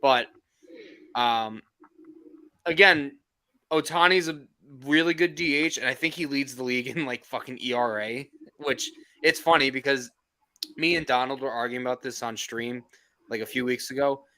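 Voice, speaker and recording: A man co-hosting a live sports call-in stream, talking in a casual, animated way, swearing and laughing often. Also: mid-range voice, moderate pace.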